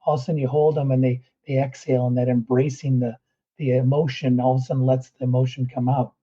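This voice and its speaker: A man's voice: mid-range voice, flat delivery, quick pace, warm tone, husky, dull audio. A man who is a guest performance coach, talking earnestly through breathing steps in a podcast interview.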